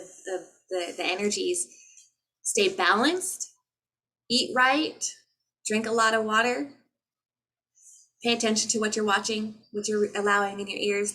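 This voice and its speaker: A woman's voice: medium pitch, a bit bright, rough recording. A woman, a spiritual healer, talking to her viewers in a casual, earnest and motivational way, recorded on a laptop mic. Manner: earnest, motivational, with chanted light language. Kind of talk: casual spiritual vlog talk.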